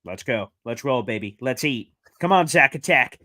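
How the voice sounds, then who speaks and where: A man's voice: mid-range voice, lively intonation, normal speed, pushed and bright, no echo. A man hosting a casual sports podcast, upbeat and slangy with hyped sign-offs. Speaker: podcast host.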